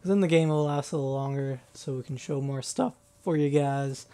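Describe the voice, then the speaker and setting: A man's voice: medium pitch, steady tone, fairly quick, mellow. A young man in his late teens hosting a gaming video in casual talk, rambling with many fillers and laughing often. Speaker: gaming channel host.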